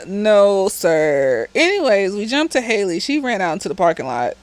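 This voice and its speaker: A woman's voice: fairly low pitch, low-quality recording. A woman therapist, slightly tipsy, giving a casual, blunt and profane recap of a TV episode with chatty asides.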